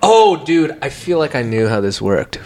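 A man's voice: medium pitch, very animated, moderate pace, darkish tone. A man teasing his friends playfully as a podcast co-host in casual chat.

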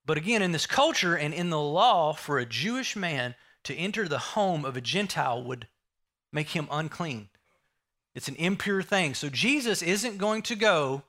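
A man's voice: on the high side, pushed and bright. A man preaching a sermon, emphatic, repeating key phrases and asking the listeners rhetorical questions.

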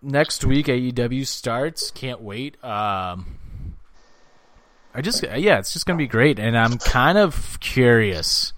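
A man co-hosting a casual wrestling chat podcast, animated and jokey, swearing freely. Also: medium pitch, takes it slowly, dry recording. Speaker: podcast co-host.

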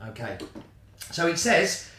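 Teasing podcast host, lively voice. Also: male voice, a little high, takes it slowly, recorded from a distance. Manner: jokey, teasing, reads labels aloud. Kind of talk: casual chat. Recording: roomy sound, a bit off-mic.

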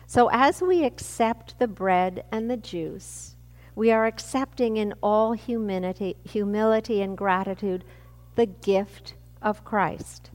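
A woman pastor giving a sermon with a measured, reflective delivery. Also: medium pitch, darkish tone, big-room sound.

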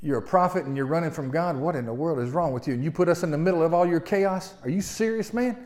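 A preacher doing blunt, rough-edged sailors. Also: male voice, fairly high pitch, fast, a little mellow, close to an everyday voice. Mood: exasperated. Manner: exasperated, plain-spoken, folksy.

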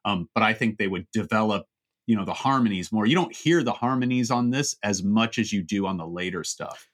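A man's voice: fairly low pitch, lively intonation, fairly quick. A man co-hosting a podcast, chatting casually about music with many fillers and restarts. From Southern California. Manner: rambling, full of fillers and restarts. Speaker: podcast co-host.

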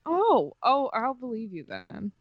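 A woman's voice: fairly high pitch, wildly swooping pitch, slow pace, no room sound, highs cut off. A woman playing a casual quiz, unsure of herself and thinking her answers through aloud. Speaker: quiz contestant. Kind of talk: casual chat.

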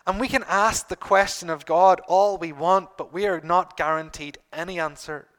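A middle-aged man preaching a sermon to his congregation, earnest, repeating phrases and pausing for emphasis. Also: sits high, steady tone, fairly bright tone. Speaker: pastor.

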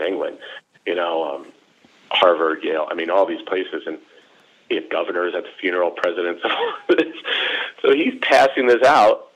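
Casting: low-voiced man, animated storyteller, dull lo-fi sound. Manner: animated, acts out quoted voices with big pitch jumps. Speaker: storyteller guest. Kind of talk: casual personal storytelling. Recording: dull lo-fi recording.

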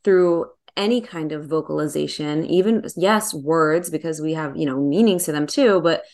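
A woman's voice: low-pitched, moderate pace, a little mellow. A woman hosting an interview, thoughtful and searching for her words. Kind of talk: reflective interview conversation.

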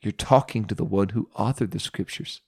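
A preacher retelling a Bible story in a sermon, dramatic and expressive, with pauses and emphatic repetition. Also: male voice, on the low side, creaky, slightly rough.

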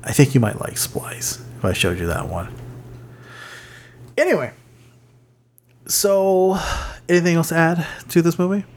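A man's voice: a little high, very animated, unhurried, long pauses, slight background noise. A man co-hosting a casual podcast chat, rambling with many fillers and restarts while reading from notes. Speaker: podcast co-host.

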